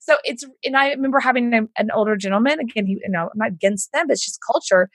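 Southern lady coach, husky voice, dry close sound, swings into voices for the folks she quotes. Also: a little high, quick pace, no echo. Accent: Southern American. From Houston, Texas. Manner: animated storyteller, acts out quoted voices. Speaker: guest, business coach. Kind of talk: casual podcast conversation.

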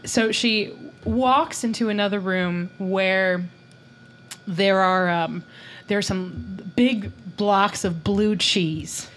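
A woman co-hosting a casual comedy podcast, rambling with lots of "like" and quick laughs. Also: medium pitch. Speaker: podcast co-host.

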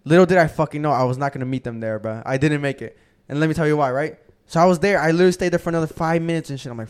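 A young man hosting a podcast, telling a profane, animated story and acting out the quotes in casual chat. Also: a little high, rapid-fire, clean tone. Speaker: podcast host.

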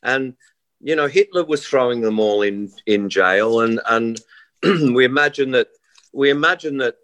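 A man's voice: medium pitch, unhurried, dry recording. Rambling middle-aged man. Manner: rambling, animated storyteller with many restarts and quoted voices. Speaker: musician guest. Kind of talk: casual interview talk.

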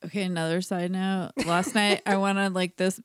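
A woman's voice: fairly low pitch, little pitch movement, normal speed, smooth, no echo, studio quality. A woman co-hosting a podcast, chatting casually, giggling often and rambling off on tangents. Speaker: podcast co-host. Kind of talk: casual chat.

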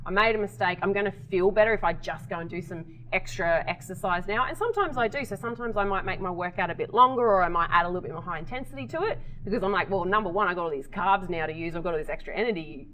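A woman's voice: lowish voice, fast, hardly any pauses, a bit bright, a little hiss or hum, poor audio. A woman co-hosting a podcast, explaining things practically with a teasing edge. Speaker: podcast co-host, health professional. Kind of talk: casual chat.

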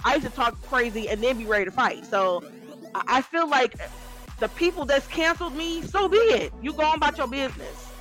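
A woman in her forties co-hosting a podcast, with a high and very bright, sharp voice. She talks bluntly and teases her co-hosts. Faint music plays underneath. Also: fairly quick. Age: 40s. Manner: blunt, teasing. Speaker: podcast co-host. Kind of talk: casual debate.

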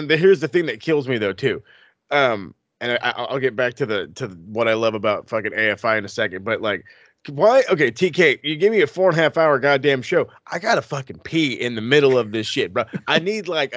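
A man co-hosting a casual wrestling podcast, talking in an animated, profane way that swings into excited outbursts. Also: medium pitch, no room sound, lo-fi sound. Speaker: podcast co-host.

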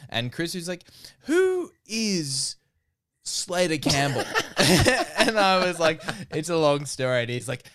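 Man, podcast co-host, smooth clear voice, laughs often. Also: a little high, expressive, moderate pace, pushed and bright. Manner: laughs often, restarts, joking. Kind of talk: casual comedy chat.

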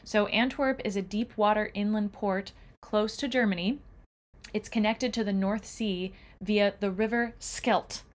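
A woman's voice: mid-range voice, fairly even intonation, unhurried. A woman co-hosting a podcast, chatting with enthusiasm about a family trip, with lots of fillers. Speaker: podcast co-host. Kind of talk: casual travel chat.

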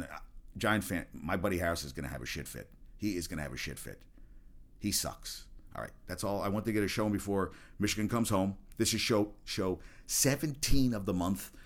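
Blunt, profane man hosting a sports show. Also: low-pitched. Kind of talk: casual sports rant.

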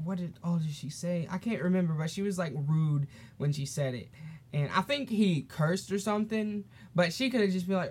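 A teenage boy hosting his own solo podcast, telling a story in a rambling, animated way with lots of fillers and restarts. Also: fairly high pitch, normal speed. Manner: acts out the people in his stories. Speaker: podcast host.

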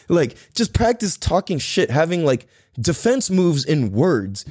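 Animated, profane man telling a story. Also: measured pace, husky, no echo, clean studio sound. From San Diego, California. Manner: profane, animated, acts out quotes in a louder higher voice. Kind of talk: casual storytelling.

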